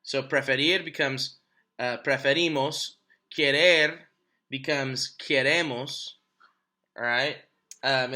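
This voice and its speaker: A man's voice: fairly high pitch, sharp tone. A man teaching a Spanish class in a recorded remote lesson, chatty and hesitant, with frequent ums and restarts. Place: home at night.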